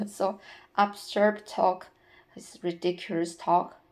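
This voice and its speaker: Slow-reading woman narrator. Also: lowish voice, little pitch movement, a little mellow. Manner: hesitant, with many fillers when commenting. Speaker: reader. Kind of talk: reading a novel aloud with commentary.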